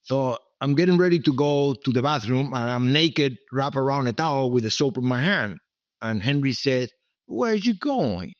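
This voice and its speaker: Medium in pitch and speaking at a normal speed, this man is a Cuban guest in his seventies, a businessman with Spanish as his first language and a Cuban Spanish accent. He tells meandering, repetitive stories in an interview, frequently adding an emphatic "okay?" The sound is lo-fi without echo.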